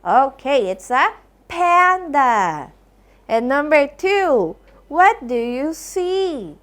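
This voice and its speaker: Slow, sing-song woman teaching phonics. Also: sits high, very animated. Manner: sounds out letters, warm coaxing praise. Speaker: kindergarten English teacher. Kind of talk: slow phonics lesson for young children.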